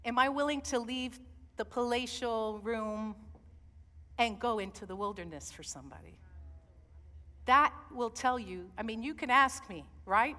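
A woman preaching a sermon, swinging from loud calls to soft, intimate asides. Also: on the high side, animated, unhurried. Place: church. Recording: long hall reverb.

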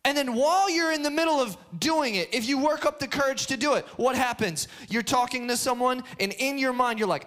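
A man preaching a sermon, lively and repetitive, acting out the voice of fear in his head. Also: very high voice, fairly quick. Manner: animated, acts out an inner voice, repeats phrases.

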